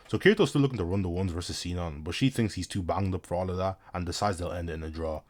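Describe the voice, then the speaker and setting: A young man with a fairly low voice cracking jokes through an anime recap. He talks in heavy slang, hyped and riffing on every scene. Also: fast talker, few pauses, noisy background. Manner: slangy, hyped, joking asides. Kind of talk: comedic anime recap commentary.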